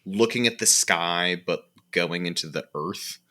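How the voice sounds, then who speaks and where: A man's voice: sits low, unhurried, sharp tone. A man co-hosting a podcast who gushes effusively about movies in casual chat. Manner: gushing and effusive. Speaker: podcast co-host.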